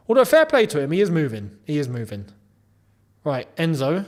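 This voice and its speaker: A young man's high-pitched voice, at a moderate pace, carries his live match reactions as he hosts a football watchalong. He responds animatedly to every play, exclaiming and scolding the players as though they could hear.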